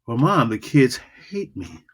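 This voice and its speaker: A man's voice: mid-range voice, very animated, fast, slightly rough. Man doing a reluctant whiny boy. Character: reluctant young boy who dreads school.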